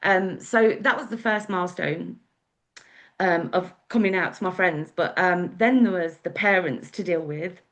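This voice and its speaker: A woman's voice: lowish voice, a little slow, fairly bright tone. A woman with an English accent, telling her own story as a guest speaker in a chatty, candid way. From England. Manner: chatty, candid, with acted-out quotes. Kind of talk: personal storytelling.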